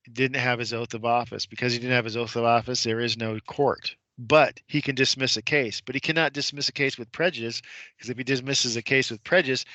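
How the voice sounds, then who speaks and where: Male radio guest, mid-pitched and bright, with a dry close sound. Emphatic storyteller who acts out the voices of the people in his story. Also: no room sound. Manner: retells courtroom scenes, imitating the judge's voice; emphatic, repeats points with rhetorical questions. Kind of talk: conversational storytelling on a radio show.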